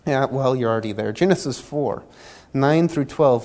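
A man's voice: mid-range voice, moderate pace, a little mellow. A man preaching a sermon in a conversational way, acting out little scenes and voices from everyday church life. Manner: conversational, acts out dialogue in anecdotes.

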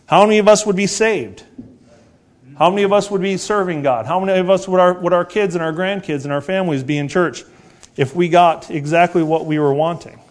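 A man in his forties with a high voice preaches a sermon earnestly and repetitively. He asks rhetorical questions and slows down to stress key words.

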